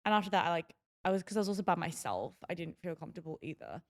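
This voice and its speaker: Young woman, podcast host, chatty and rambling, vocal fry. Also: on the low side, sing-song, very fast. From Melbourne, Australia. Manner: chatty, rambling with many fillers. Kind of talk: casual solo podcast storytelling.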